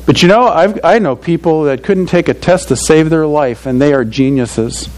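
An older man delivers a sermon in a plain, conversational way, earnest and direct. His voice sits a little higher than most men's. He leans on "you know" and chuckles now and then at his own stories. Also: moderate pace, darkish tone, rough recording. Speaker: pastor.

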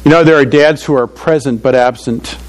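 A man's voice: medium pitch, a little fast, low-quality recording. An older man preaching a sermon to fathers in a conversational, earnest way, often saying "you know" and chuckling at his own stories. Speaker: pastor.

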